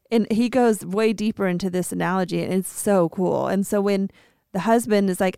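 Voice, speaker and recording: Smooth-voiced woman acting out quotes. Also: medium pitch, a little fast, dry recording, studio quality. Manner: animated, acts out quoted voices. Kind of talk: casual faith-based chat.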